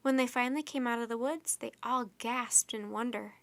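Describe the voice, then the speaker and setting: A woman reads a children's storybook aloud in an expressive manner. Her voice is slightly high, and the recording is dry and close, with no room sound. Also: moderate pace, no room sound. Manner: expressive, performing character voices.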